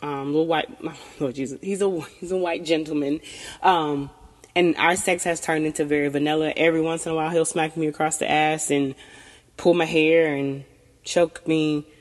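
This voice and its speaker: A woman's voice: sits low, fairly even intonation, moderate pace. A woman in candid casual chat, frank and profane, laughing often and a little tipsy. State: tipsy from tequila. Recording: long reverberant room.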